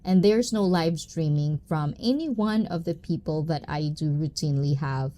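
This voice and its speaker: With a deep, mellow voice and a moderate pace, this livestream host welcomes each viewer individually. She's giggly, bubbly and playful, mixing English with Tagalog and Japanese phrases and repeating her favorite catchphrases often.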